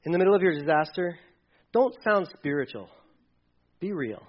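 A man preaching with a high, light voice, talking to the congregation as if in casual conversation. He drops to soft asides, then swells into loud, emphatic passages. The sound is a little dull and lo-fi. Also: animated, moderate pace. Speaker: pastor. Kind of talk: sermon.

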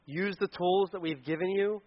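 A man speaking to parents at a normal speed in a high-pitched voice gives a casual sermon full of jokes. He acts out little scenes in funny voices, and the recording comes through dull and lo-fi.

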